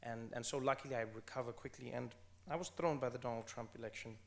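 Male guest, 30s, from South Africa: animated conversational storyteller who stumbles and restarts. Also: medium pitch, fast talker, creaky. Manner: animated, repeats words when restarting, laughs while telling stories. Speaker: author and comedian guest.

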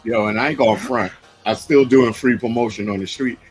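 A man from Long Island, co-hosting a loose banter show, loud and quick to laugh. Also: soft background music. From Long Island, New York. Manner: loud, laughing, shouts high-pitched impressions. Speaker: podcast co-host.

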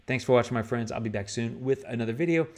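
A man's voice: medium pitch, fast talker. A man hosting a photo-editing tutorial, talking casually and thinking aloud as he works. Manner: relaxed, conversational, thinks aloud with fillers. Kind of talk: casual screen-recorded software tutorial.

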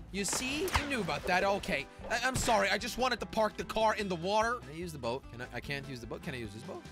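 Young male gaming host, high and lively, jokey and excitable, soft game music underneath. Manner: excitable, jokey, frequent laughs and shouts. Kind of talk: game commentary.

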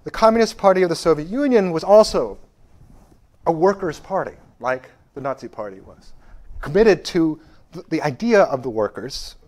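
A man giving a university history lecture, stressing key phrases loudly and dropping to quiet asides, with frequent fillers and restarts. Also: fairly high pitch, expressive, moderate pace.

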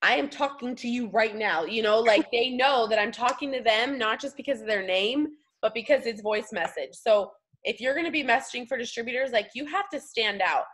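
A woman's voice: a little high, brisk, hardly any pauses, fairly bright tone. A young woman leading a casual coaching chat, upbeat and slangy. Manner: chatty, upbeat, slangy, puts on voices when quoting. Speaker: team leader hosting a call.

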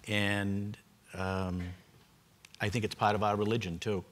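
A man's voice: lowish voice, little pitch movement, measured pace, a bit bright. An older man from Boston, a panelist at a public forum, telling a personal story earnestly, with repeated restarts.

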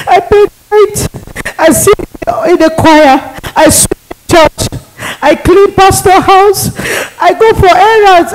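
High-pitched fervent Nigerian woman preacher. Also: poor audio. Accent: Nigerian English. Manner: pleading, fervent, repetitive delivery. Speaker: evangelist giving testimony. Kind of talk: emotional testimony sermon.

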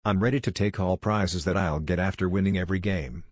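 A man's voice: sits low, fairly quick, no echo, clean studio sound. A man reading as an eager young girl. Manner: eager, then tearful.

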